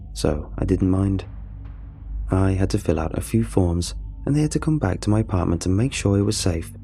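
Gravelly low male storyteller. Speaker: narrator. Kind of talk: scripted story narration. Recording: soft music under the voice.

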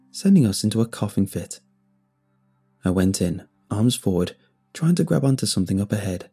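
A man narrating a first-person horror story in a tense, measured way. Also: lowish voice, dark tone, breathy edge. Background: faint music.

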